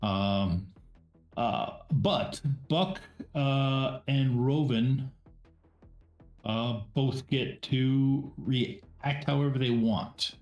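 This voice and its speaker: Male game master for a live tabletop stream, unhurried and halting, in an echoey room with faint music behind. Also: mid-range voice, a little mellow. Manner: halting, many fillers and restarts.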